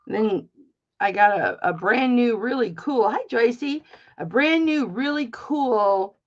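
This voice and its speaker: A middle-aged woman hosting a live jewelry auction, chatting casually, swearing freely and greeting viewers by name. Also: medium pitch. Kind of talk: casual chat while selling. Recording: dull lo-fi stream audio.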